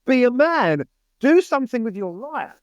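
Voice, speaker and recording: A man's voice: very high-pitched, big pitch swings, normal speed, no echo, highs cut off. A young man talking as a podcast guest, giving blunt, heated advice in casual conversation.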